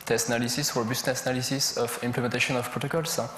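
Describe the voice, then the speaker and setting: A man with a French accent giving a technical conference talk, halting as he searches for words and lists examples. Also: medium pitch, little pitch movement, a bit bright. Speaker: conference speaker. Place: large conference hall. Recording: echoey lecture hall with a faint hum.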